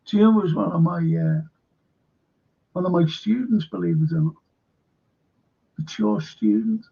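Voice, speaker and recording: A man's voice: fairly high pitch, sing-song, a little slow, vocal fry, mellow, slightly rough. An older man hosting a casual livestream, rambling with many fillers and repeating himself as he reads the chat. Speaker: livestream host reading chat. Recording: dull lo-fi stream audio.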